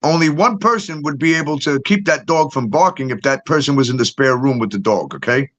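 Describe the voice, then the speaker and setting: In a dull, lo-fi recording, a middle-aged man rants casually and with profanity about true crime, bluntly pushing his theory while continually asking "okay?". His voice is medium-pitched and brisk.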